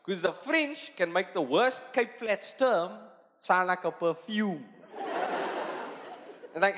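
Animated South African Indian comedian onstage. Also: male voice, high-pitched, slight background noise. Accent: South African Indian English. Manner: animated, acts out characters in quick put-on voices. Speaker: stand-up comedian. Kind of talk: stand-up comedy set. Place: theatre stage before a live audience. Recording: live hall recording with loud audience ambience.

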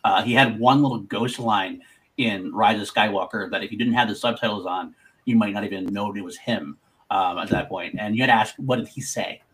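A man's voice: fairly low pitch, fairly quick, a bit bright. A man co-hosting a casual livestream, talking through a quiz match and often repeating himself as he gathers his thoughts. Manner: rambling, repeats phrases while thinking. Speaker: co-host.

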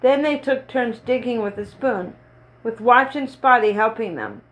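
A woman's voice: fairly high pitch, measured pace, poor audio. A woman reading a children's chapter book aloud, lifting her voice a little for the children's lines. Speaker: storybook reader.

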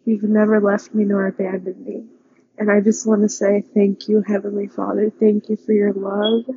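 A young woman speaking an earnest, pleading personal prayer with a breathy voice. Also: mid-range voice, completely flat delivery, moderate pace, highs cut off, a little hiss or hum. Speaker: vlogger praying aloud.

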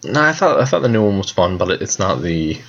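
A man's voice: deep voice, sing-song, quick pace, fairly bright tone, a little hiss or hum. A young man co-hosting a podcast in casual chat, swearing often and laughing a lot. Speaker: podcast co-host. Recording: dull lo-fi sound.

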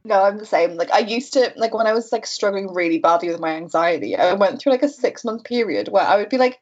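Woman co-host, husky, chatty and candid, lo-fi sound. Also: mid-range voice, lively intonation, quick pace, darkish tone. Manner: chatty, frequent "like", candid and self-deprecating. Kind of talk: casual chat.

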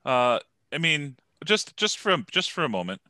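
A man's voice: on the high side, sing-song, moderate pace, pushed and bright, dry recording, clean studio sound. A man playing a tabletop game, joking around and stammering a bit. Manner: playful, stammering. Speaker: player. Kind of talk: casual tabletop play.

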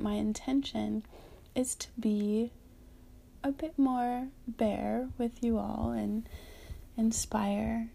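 A woman hosting a wellness talk in a hushed, often whispered voice, speaking frankly and swearing casually. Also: fairly high pitch, creaky, slightly rough. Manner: frank and profane, slow and reflective. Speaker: podcast host. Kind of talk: soft-spoken wellness talk.

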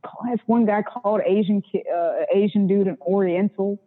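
A woman speaks at normal speed in a medium-pitched voice with fairly even intonation, the audio tinny as if on a phone. Interviewed about working as a phone sex worker, she tells casual, candid stories bluntly and profanely, imitating the people who call her.

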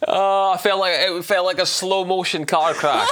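A man chatting as a podcast guest, animated and quick to act out voices and laugh. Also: sits high, slight background noise. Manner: animated, mimics voices in anecdotes, laughs a lot. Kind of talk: casual podcast chat.

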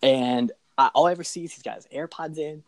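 A man's voice: a little high, a little fast, no echo. Rambling young man, casual podcast co-host. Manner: rambling, hesitant, lots of fillers like "like".

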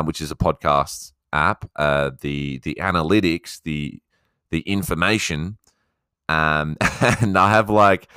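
Deep-voiced Australian man hosting a podcast. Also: a bit bright, smooth, no room sound, clean studio sound. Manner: chatty, voices his listeners' questions back to himself. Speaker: podcast host. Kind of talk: casual solo podcast talk.

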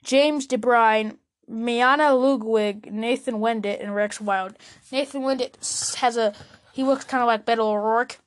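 A woman's voice: on the high side, steady tone, a little slow, smooth. A young woman hosting a podcast, chatting casually and joking as she reacts to a debate, laughing often. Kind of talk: casual chat.

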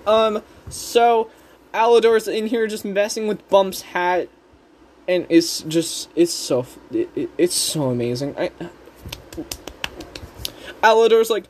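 Unhurried, rambling host recapping an episode, chatty and giggly. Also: medium pitch, darkish tone.

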